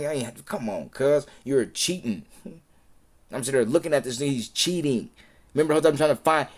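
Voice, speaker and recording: Man ranting heatedly on a live stream. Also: medium pitch. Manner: profane, heated and rambling, with frequent repetition. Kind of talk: rambling live-stream rant.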